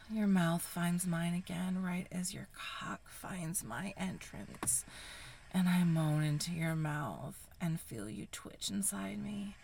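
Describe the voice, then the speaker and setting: Slow, gravelly whispering woman. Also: lowish voice, slight background noise. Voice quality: breathy, sighing whisper. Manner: intimate, hushed first-person storytelling. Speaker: erotic audio narrator. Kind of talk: whispered role-play.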